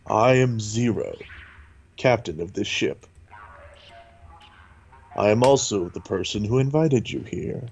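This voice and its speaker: A man voicing a menacing masked male ship captain during a game playthrough, in a slow, grandiose dramatic reading. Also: on the low side, expressive, a little mellow, lo-fi sound. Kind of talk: voicing a game character during a let's play.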